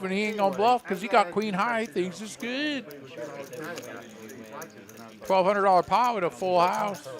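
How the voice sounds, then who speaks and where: Brief: man doing a rowdy, high, drawn-out Southern accent. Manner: hammy, loud, drawn-out. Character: exaggerated drawling southern man. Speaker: poker commentator.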